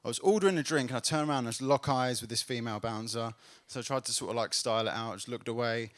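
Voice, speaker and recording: A man performing a stand-up comedy set on a club stage, telling a story and building to loud laughs. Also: mid-range voice, fast talker.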